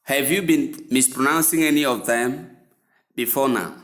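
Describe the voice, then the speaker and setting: A man teaching English pronunciation, spelling out words letter by letter in a slow, deliberate way. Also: medium pitch, a bit bright. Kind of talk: spoken English lesson.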